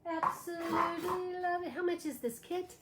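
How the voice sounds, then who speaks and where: A woman's voice: extremely high pitch, moderate pace. A woman hosting a live wreath-making tutorial, chatty and gushing as she greets viewers by name. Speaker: live craft show host. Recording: echoey room with faint background noise.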